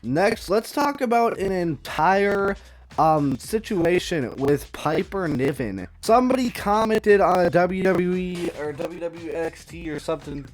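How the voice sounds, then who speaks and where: Snarky young man over faint music. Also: on the high side. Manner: rambling, snarky, trash-talking. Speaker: vlog host. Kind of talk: casual wrestling news commentary.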